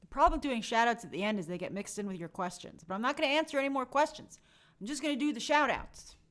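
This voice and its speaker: A woman's voice: fairly high pitch, animated, fast, a bit bright. A young woman hosting a live stream, chatting casually and reading out viewer comments in a friendly, chatty way. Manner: chatty, friendly, reads names aloud.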